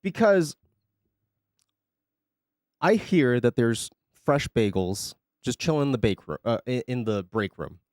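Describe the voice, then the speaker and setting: A man's voice: medium pitch, sing-song, a little slow, pauses often, darkish tone, no room sound. A young man chatting on a live stream, rambling, sarcastic and profane, close to a desk mic at home. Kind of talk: casual chat on a live stream.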